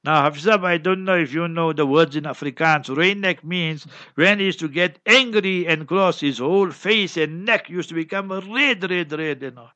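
A man's voice: on the high side, normal speed, few pauses, pushed and bright, no echo. A man, an imam, telling a story in a chatty Q&A talk, often adding "you know". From South Africa.

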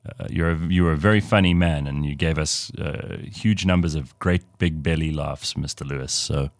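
A man's voice: very deep voice, normal speed, dry recording, studio quality. A man from Africa, co-hosting a radio show in casual chat and telling stories animatedly. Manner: animated storyteller, laughs, puts on voices.

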